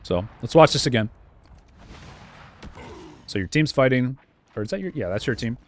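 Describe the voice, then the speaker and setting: A man's voice: mid-range voice, animated, normal speed, slight background noise. A man coaching viewers through gameplay on a live stream, direct and repetitive with lots of fillers. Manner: direct, repeats points, many fillers. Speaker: game coach.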